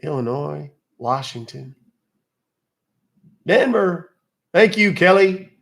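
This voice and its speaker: A man's voice: fairly high pitch, animated, takes it slowly, vocal fry, fairly bright tone. A man from Texas hosting a casual live stream, chatting loosely and reading viewer comments aloud. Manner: chatty, loose, jokey, reads chat aloud. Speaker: livestream host.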